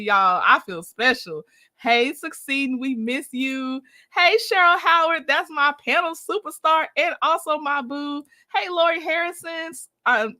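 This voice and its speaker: Woman, live-stream host, casual and chatty, high voice, upbeat greetings. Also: bright, forceful tone. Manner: upbeat, greets chat viewers one by one, laughs often. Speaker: livestream host.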